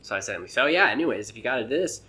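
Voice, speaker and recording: A man's voice: medium pitch, lively intonation, quick pace, sharp tone, a little hiss or hum. A man in casual podcast chat, an amateur comedian who rambles and acts out voices when retelling jokes.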